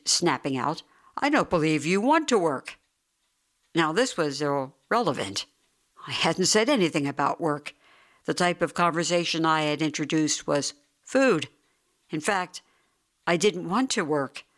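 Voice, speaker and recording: An audiobook narrator reading a first-person story in a measured, wry storytelling manner. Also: mid-range voice, fairly bright tone. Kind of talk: scripted narration.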